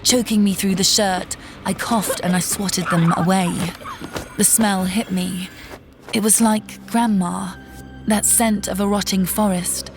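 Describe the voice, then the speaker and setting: A woman reading a first-person horror story in a tense, measured storytelling manner. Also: medium pitch, steady tone. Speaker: narrator. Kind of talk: scripted horror narration. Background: faint music.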